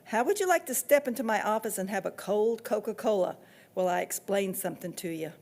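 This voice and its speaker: A woman voicing a kindly middle-aged man who runs a funeral home, speaking in a calm, folksy, reassuring way. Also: mid-range voice, fairly quick.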